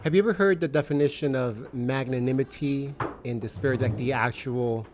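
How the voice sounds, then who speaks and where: A man's voice: mid-range voice, fairly quick, a little mellow. A man in his thirties talks reflectively in a casual faith podcast, often asking questions. He has a mid-range voice. A faint noise sits behind him. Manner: reflective, questioning, frequent affirming murmurs. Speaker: podcast co-host.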